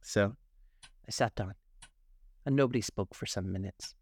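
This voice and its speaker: A man with a fairly low voice narrates a classic storybook aloud. His pacing is calm and measured, and he switches into character voices for the dialogue. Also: husky, no room sound.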